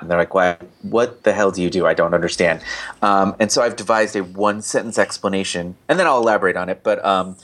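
A man chatting as a guest, telling a story in a lively way and acting out the people he quotes. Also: on the low side. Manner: animated storyteller, acts out quoted voices. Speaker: guest, online reviewer. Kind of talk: casual conversation.

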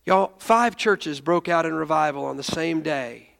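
A man's voice: fairly high pitch, animated, measured pace, creaky, few pauses, fairly bright tone, in a large hall. A male pastor telling a story in a sermon, emotional, often restarting his sentences and raising his voice when he quotes others.

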